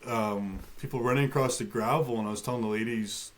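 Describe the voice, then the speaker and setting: A man of middle pitch telling his own story as a talk show guest. He keeps a steady, matter-of-fact tone with touches of dry humor and plenty of casual fillers. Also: a little fast. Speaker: guest, bear attack survivor.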